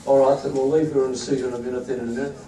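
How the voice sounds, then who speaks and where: A crowd fills an echoey event room where a man, head of an institute, presents his staff in a joking, chatty speech. He speaks very fast at medium pitch with a level tone, and the distant microphone captures echo and crowd noise.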